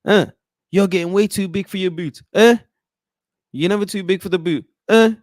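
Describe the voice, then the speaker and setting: A man's voice: high voice, moderate pace, no echo, clean studio sound, pitched above the performer's own voice, lightly acted. A man doing an impression of a stern football manager who scolds a player with short, barked questions. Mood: scolding.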